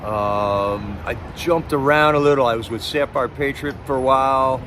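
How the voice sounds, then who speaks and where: A man's voice: mid-range voice, normal speed, noisy background. A man hosting a live stream, chatting casually in a rambling, sarcastic way with many restarts.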